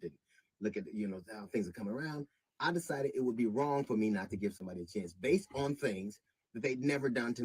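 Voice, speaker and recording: A middle-aged comedian making a public statement, measured at first and then indignant, with halting restarts. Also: male voice, on the low side, a little mellow, husky, no room sound, low-quality recording.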